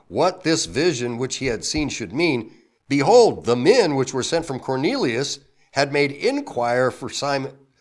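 A man teaching a weekly Bible lesson, reading scripture aloud and breaking off into casual, joking explanations. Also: medium pitch. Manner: casual, joking asides between readings, lifts his voice for scripture. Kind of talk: verse-by-verse sermon with reading and asides.

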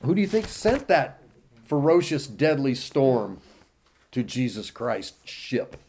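With big pitch swings and a slow delivery, a mid-range, darkish-toned preacher reads scripture in King James wording, his emphasis rising, and poses rhetorical questions to his listeners. A little hiss or hum runs through the recording.

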